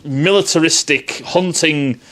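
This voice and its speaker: A man's voice: fairly high pitch, a little slow, fairly bright tone. A man ranting sarcastically and profanely in a casual film review.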